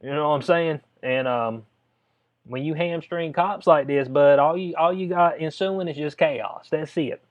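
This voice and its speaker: This video commentator's voice is a little high, and he speaks a little slowly. Reading a letter out loud, he reacts with easy, drawling commentary and addresses his listener as "bud," all captured in dull lo-fi audio.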